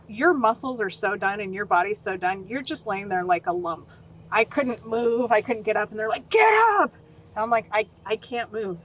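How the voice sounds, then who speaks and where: A woman's voice: mid-range voice, a little hiss or hum, low-quality recording. A woman in her forties from Utah, a podcast guest telling her life story and acting out the quoted voices. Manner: animated, acts out quoted voices. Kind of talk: storytelling interview.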